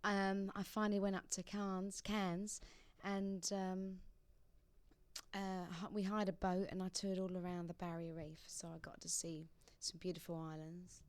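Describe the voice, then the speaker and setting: A woman's voice: fairly low pitch, little pitch movement, moderate pace, a little mellow, dry recording. A young woman from England, a singer guest in a radio studio, chatting casually and laughing often.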